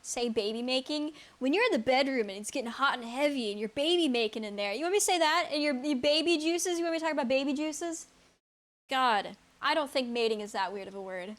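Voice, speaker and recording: Woman streamer, high voice, incredulous, stammering, laughs easily, casual chat with viewers. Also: a little fast.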